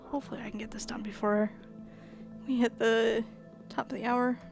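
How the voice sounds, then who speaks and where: A woman's voice: fairly high pitch, steady tone, normal speed, vocal fry, over music. Rambling Minnesotan woman streamer. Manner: rambling, laughing, swears casually, many fillers. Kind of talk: casual live-stream chat while gaming.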